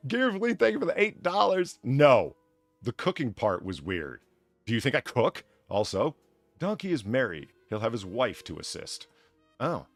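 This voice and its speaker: A man's voice: medium pitch, huge pitch swings, normal speed, no room sound, faint music behind. A man hosting a livestream, talking casually, rambling and swearing freely. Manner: profane, rambling with restarts. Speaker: livestream host.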